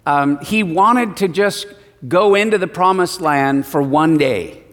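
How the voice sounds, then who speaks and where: Preacher guy, kinda high voice, chatty storytelling sermon, big echoey hall. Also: slow pace, a bit bright. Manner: conversational storytelling with acted quotes. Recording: long hall reverb.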